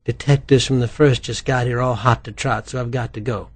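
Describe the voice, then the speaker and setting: A man's voice: medium pitch, steady tone, a little fast, natural voice. A man voicing a chatty, teasing woman medical examiner in an audiobook. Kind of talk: audiobook character voice.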